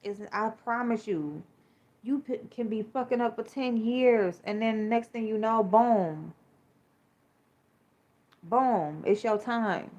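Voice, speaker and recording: A woman's voice: a little high, takes it slowly, pauses often, darkish tone. A woman, hosting a podcast and talking candidly and emotionally, with plenty of swearing and fillers. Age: 40s. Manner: frank, profane, emotional, many fillers. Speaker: podcast host. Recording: slightly dull lo-fi sound.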